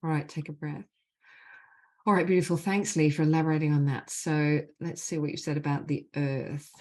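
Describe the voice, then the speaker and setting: Low-voiced woman guiding a healing call. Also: steady tone, a little mellow. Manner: slow, deliberate reading of repeated phrases. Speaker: spiritual mentor leading a group call. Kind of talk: guided clearing session with spoken healing phrases.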